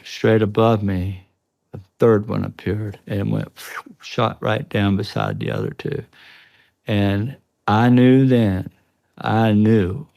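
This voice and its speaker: A man's voice: lowish voice, creaky, darkish tone, no echo. A man, a guest on an interview show, earnestly recounting a tense personal experience, often breaking off and restarting. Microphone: studio podcast mic.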